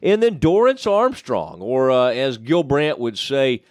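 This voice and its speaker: A man's voice: mid-range voice, very animated, unhurried, dry recording, studio quality. Rambling male sports podcast host. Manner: rambling, restarts and trails off mid-thought. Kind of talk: casual sports podcast chat.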